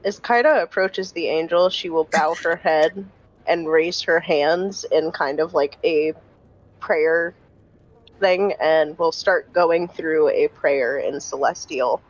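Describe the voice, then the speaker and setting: A woman's voice: low voice, slow pace, lo-fi sound. A woman playing in a tabletop game, talking in a hesitant way. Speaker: player.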